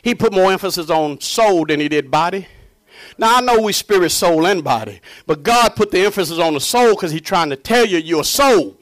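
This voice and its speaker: A fervent male preacher with a fairly high voice for a man. He swings from booming, shouted declarations down to low, hushed murmurs. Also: expressive, moderate pace. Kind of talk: sermon.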